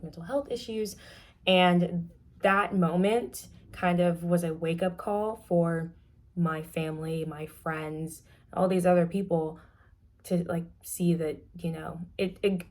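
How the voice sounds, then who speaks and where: Candid young woman, lower voice. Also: darkish tone. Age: young adult. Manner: frank, candid, with many fillers and trailing-off phrases. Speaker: student presenter. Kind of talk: casual personal class presentation.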